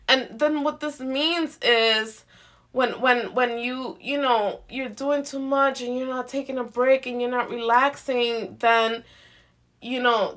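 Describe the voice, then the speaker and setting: Slow, bright-voiced woman card reader. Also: on the high side. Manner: affectionate, repetitive coaxing with frequent laughs. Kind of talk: live zodiac card reading.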